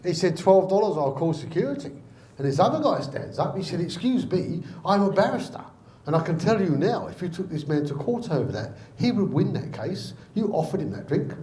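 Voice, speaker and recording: A male comedian telling a stand-up anecdote, acting out the dialogue in a deadpan way. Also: high voice, fairly quick, a little hiss or hum. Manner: deadpan storyteller, acts out dialogue. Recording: echoey room.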